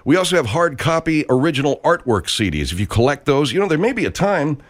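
Chatty talk radio host, lively pitch. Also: male voice, quick pace. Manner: chatty, wry, plugging the show. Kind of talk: comedy talk radio with ad reads.

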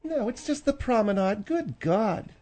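A man puts on a bossy female co-host with a sharp, nagging tongue. She snaps back at every remark in a comedic radio talk-show bit. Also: high voice, animated, unhurried, voice pushed up. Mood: scolding. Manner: snippy and scolding.

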